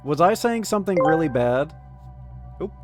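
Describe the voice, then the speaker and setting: A man's voice: on the high side, animated, normal speed, over loud music. A man streaming live, chatting casually and joking as he reads game text and chat messages aloud.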